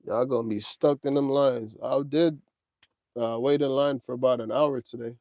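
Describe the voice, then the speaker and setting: 40 yr old guy on a livestream, mellow dark voice, dry close sound, easygoing. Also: medium pitch, steady tone, normal speed, vocal fry, no room sound. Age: 40s. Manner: laid-back, talks straight to chat, drawls "man" and "y'all". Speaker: trucking livestream host. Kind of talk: casual livestream chat.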